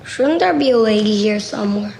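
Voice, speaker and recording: Film clip: an eager 8-year-old boy, high and slow, in a reverberant room. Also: creaky. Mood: indignant. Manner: excited, calling loudly, disappointed questions. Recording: film clip with roomy reverb and faint noise.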